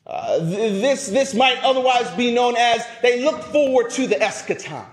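High-voiced pastor preaching in an echoey church. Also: male voice, expressive, normal speed. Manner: emphatic, swings between loud peaks and low trailing phrase ends; repeats words as he restarts. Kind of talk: sermon. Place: church sanctuary.

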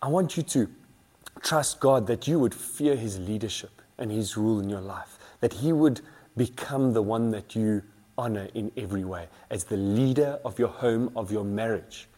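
A man's voice: fairly low pitch, normal speed, dark tone. A man preaching an earnest sermon as a pastor, building emphasis through repeated phrases.

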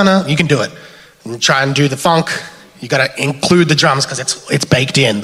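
A man with an Australian accent giving a relaxed, chatty sermon with slides, thinking aloud as he goes. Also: mid-range voice. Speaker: preacher. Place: church hall. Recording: long hall reverb.

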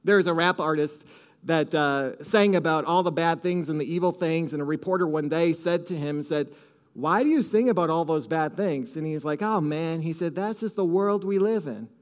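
Emphatic high-voiced male preacher. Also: fairly even intonation, moderate pace. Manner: emphatic, leads congregation in call-and-response. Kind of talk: sermon.

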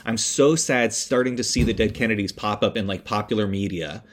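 A man hosting a podcast, recapping a film in a rambling, animated way, with many fillers, restarts and swear words. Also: fairly low pitch, fairly quick, slight background noise. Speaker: podcast host. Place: indoors, construction noise nearby.

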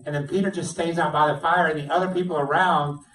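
A male pastor delivers a sermon as a vivid story, bringing its characters to life as he goes. His voice sits a touch high and rings through a roomy church sanctuary. The mic picks him up from some distance. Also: fast. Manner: animated storytelling, acts out dialogue. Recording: roomy sound, speaker away from mic.

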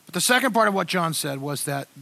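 An older man preaching as a pastor, talking to his congregation in a relaxed, conversational way with frequent restarts and fillers. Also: high-pitched, creaky. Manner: conversational, halting with many restarts. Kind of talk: sermon.

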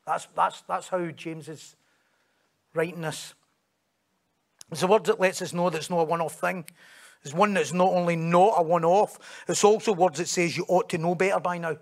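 A man's voice: high voice, steady tone, moderate pace, vocal fry. A man preaching a sermon in a conversational way, acting out quoted voices and asking rhetorical questions.

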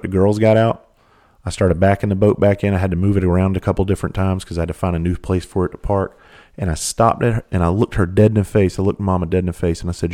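A man telling a personal story in a blunt, profane, fired-up way, then dropping quiet. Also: low voice.

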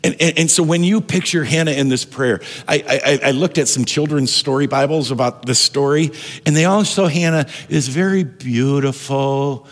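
A man's voice: mid-range voice, normal speed. A man preaching a sermon as pastor, talking conversationally and often restarting and repeating words. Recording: long hall reverb.

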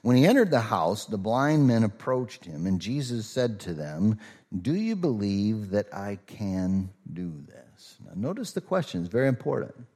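Middle-aged male pastor, low voice with lively swings, relaxed storytelling sermon delivery. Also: moderate pace, husky. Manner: conversational storytelling with fillers and asides.

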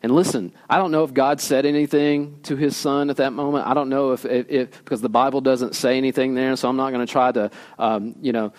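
A man pastor preaching a conversational sermon at a church service, animated and casual, often checking in with the audience and sometimes dropping to a quiet low voice for emphasis. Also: fairly quick, hardly any pauses.

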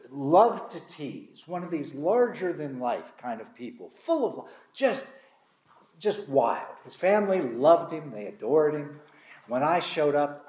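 Lively, self-deprecating man preaching in a roomy hall. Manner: candid, self-deprecating storytelling with lively pitch. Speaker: pastor. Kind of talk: sermon with personal storytelling. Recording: roomy echo.

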